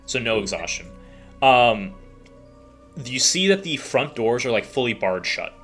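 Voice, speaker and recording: A man's voice: medium pitch, animated, a little slow, fairly bright tone, soft background music. A man narrating a tabletop game as game master, rambling with lots of filler words. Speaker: dungeon master.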